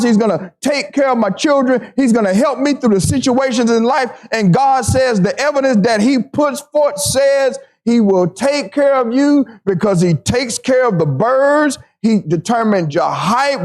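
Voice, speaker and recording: A man preaching a sermon to his congregation, repeating phrases for emphasis and slowing down to stress scripture. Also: very high-pitched.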